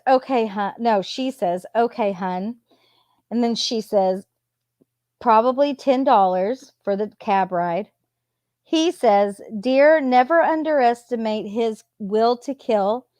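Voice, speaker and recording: Slow, sarcastic woman reading messages. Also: on the high side, a little mellow, dry recording. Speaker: true crime commentator reading text messages. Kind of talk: casual commentary reading messages aloud. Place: home with a cat nearby.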